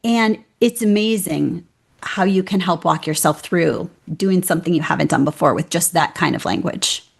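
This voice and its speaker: A woman's voice: fairly low pitch, moderate pace, gravelly, husky. A middle-aged woman, a keynote speaker, talking in a conversational interview and acting out the voices in her head. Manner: animated, acts out inner voices.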